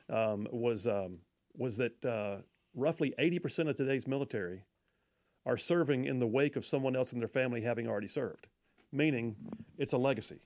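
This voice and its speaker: A man's voice: mid-range voice, darkish tone. A man hosting a talk radio show, chatty and folksy, reading listener texts and often stumbling over his words.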